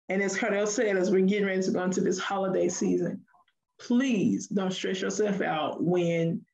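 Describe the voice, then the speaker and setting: A woman co-hosting a podcast, talking in a lively, preachy way and laughing often. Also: medium pitch. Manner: animated, preachy, laughs often, mimics voices in stories. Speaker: podcast co-host. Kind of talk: casual podcast chat. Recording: roomy echoey room.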